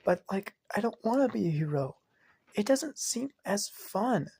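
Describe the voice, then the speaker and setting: Guy putting on a whiny little girl voice, high and sleepy, kinda creaky. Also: lively intonation, measured pace, a little mellow, slight background noise, heavily acted.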